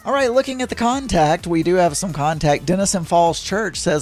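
Soft music plays behind a high, slightly mellow male voice at normal speed. He's an Arkansas man hosting a casual solo podcast, reading listener messages in a chatty, self-deprecating manner full of laughs and restarts.

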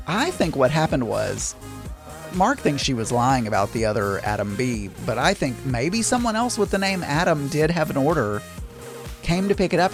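A man telling a casual story, rambling with many restarts and exasperated asides. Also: on the high side.

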